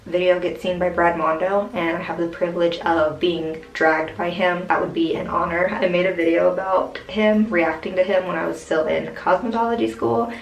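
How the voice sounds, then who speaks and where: A woman's voice: fairly low pitch, fairly even intonation, normal speed, vocal fry, few pauses, lo-fi sound, a little hiss or hum. A young woman casually explaining how she dyes her own hair, rambling with many fillers. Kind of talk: casual home tutorial. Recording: echoey room from far off.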